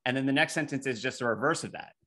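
A man co-hosting a casual podcast, spinning profane stories. His voice is bright and forceful at a middle pitch, and he slips into mock voices when he quotes people. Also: quick pace. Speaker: podcast co-host.

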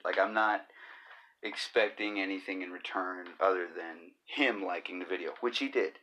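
A man's voice: on the low side, normal speed, sharp tone, lo-fi sound. A man in his thirties hosting a casual solo podcast, rambling and joking, often slipping into silly voices and bits of singing. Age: 30s. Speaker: podcast host.

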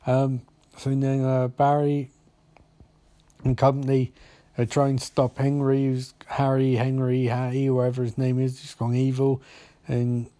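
A man talks through a TV episode in a loose, unscripted ramble, his voice sitting at an ordinary middle pitch. He is sarcastic and profane, stumbling over names and restarting his sentences. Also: monotone, a little slow, warm tone, no room sound. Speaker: TV episode recapper. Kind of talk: casual rambling recap.

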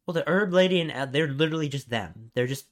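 A man's voice: fairly high pitch, expressive, fast talker. A young man co-hosting a podcast, telling a long rambling story with lots of swearing. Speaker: podcast co-host. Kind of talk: casual chat.

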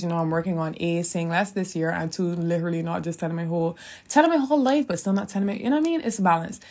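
A young woman in her twenties with a Caribbean English accent talks through her solo podcast in a loose, rambling monologue. Her voice sits a little low, and she drifts off topic, swears freely and laughs along the way. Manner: chatty, digressive, swears freely, laughs often. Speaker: podcast host.

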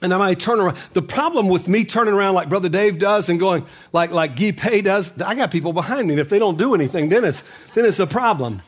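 A male pastor preaching a sermon, often breaking into a sung cadence and climbing to shouts. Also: high voice, quick pace.

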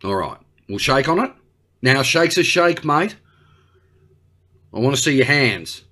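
A man's voice: medium pitch, very animated, a little slow, bright, forceful tone. An Australian man doing a brash, slangy one-sided comedy conversation with an unheard partner. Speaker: comedy podcast host.

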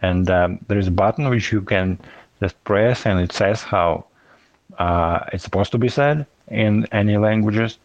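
Hesitant low-voiced man, dry sound. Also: dry recording, lo-fi sound. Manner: hesitant, halting, apologetic. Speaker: podcast co-host. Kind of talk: casual chat.

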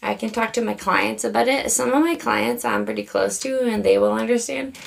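A woman's voice: fairly high pitch, brisk, vocal fry. A woman personal trainer chatting casually as a podcast guest, swearing now and then. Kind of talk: casual chat.

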